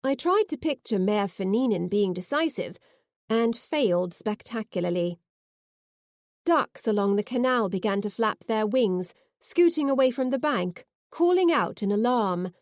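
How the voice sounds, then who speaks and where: A woman narrating a science fiction novel in the first person, expressive and heartfelt. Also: mid-range voice, measured pace, no room sound, studio quality. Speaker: audiobook narrator.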